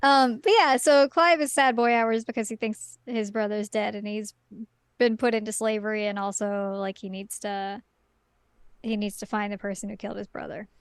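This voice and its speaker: A woman's voice: mid-range voice, little pitch movement, moderate pace, clear, resonant tone, no echo. A woman chatting casually as a podcast guest, giggling and acting out her own reactions.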